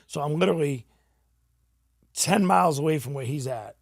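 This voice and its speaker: A middle-aged man from New England, telling his story in a casual interview, animated and swearing freely. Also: fairly high pitch, moderate pace, creaky, no echo, studio quality.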